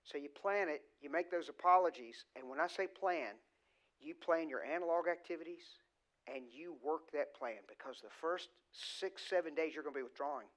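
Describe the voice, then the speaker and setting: A man's voice: fairly high pitch, moderate pace. A middle-aged man preaching a conversational, emphatic sermon in a church, often voicing the words a parent might say. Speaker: guest preacher. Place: church sanctuary.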